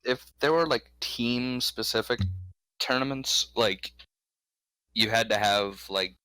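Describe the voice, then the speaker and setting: A man's voice: medium pitch, slow, pushed and bright, clean tone, no room sound, poor audio. A young man, a guest on a gaming podcast, chatting in a joking, laid-back and somewhat hesitant way. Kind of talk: casual podcast chat.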